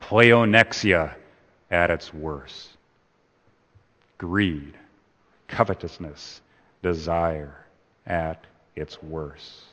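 A man preaching a sermon in a deliberate, emphatic way, stressing key words. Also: a bass voice, steady tone, a bit bright, big-room sound.

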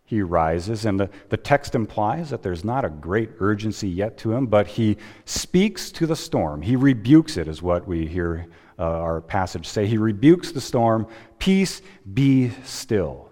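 A male pastor delivers a sermon at an unhurried, measured pace, leaning on long dramatic pauses. His voice sits on the lower side. The sound rings with the long reverb of a church hall. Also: animated, mellow. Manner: slow, deliberate preaching with dramatic pauses.

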